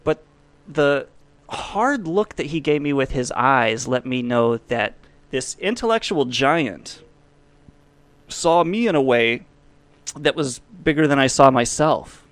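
A man's voice: mid-range voice, expressive, slow pace, fairly bright tone, no echo. A man hosting a podcast, talking in a rambling way that swings between jokey bits and heartfelt reflection. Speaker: podcast host. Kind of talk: casual podcast monologue.

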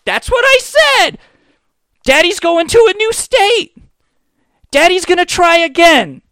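A man doing a shrill, smug little boy. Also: big pitch swings, takes it slowly, pushed and bright, no room sound, exaggerated voice. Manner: shrill, smug baby talk.

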